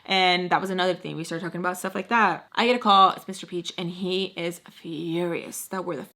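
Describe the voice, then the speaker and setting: A woman's voice: on the low side, fairly even intonation, a little fast, sharp tone. A young adult woman vlogger casually telling a personal story, chatty and full of fillers. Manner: chatty, filler-heavy, acts out quoted dialogue.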